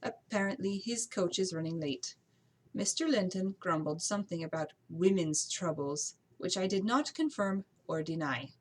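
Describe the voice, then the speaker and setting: A woman voicing a kindly young lady's maid in an amateur audiobook reading, pitching her voice up and speaking in a soothing, reassuring way. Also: moderate pace, lightly acted.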